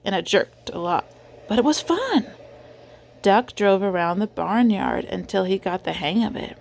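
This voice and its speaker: A woman reads a children's picture book aloud, slow and unhurried. Her voice swoops up and down with lively expression as she pauses to quiz the child beside her. A faint hiss of noise sits under her voice. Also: mid-range voice, gravelly. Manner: gentle, animated, pauses to ask the child questions. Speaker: reader of children's books.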